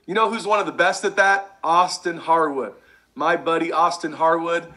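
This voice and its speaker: A man coaching a sales team, energetic and repetitive, drilling catchphrases over and over. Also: on the high side, normal speed. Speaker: sales trainer. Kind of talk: energetic sales training talk.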